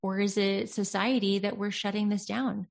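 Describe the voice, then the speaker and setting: A woman's voice: medium pitch, level tone, moderate pace, vocal fry. A woman in her thirties talking in an earnest, flowing, reflective way in a casual conversation.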